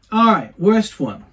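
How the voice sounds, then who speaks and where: A man, a singer, being interviewed and telling anecdotes from his career in a chatty, animated way. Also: sits high, husky. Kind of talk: casual storytelling.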